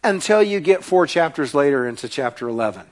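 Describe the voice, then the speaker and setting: A man preaching a sermon, telling the story with casual modern phrasing and swinging between hushed, low lines and loud, high-pitched calls. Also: animated, fairly quick.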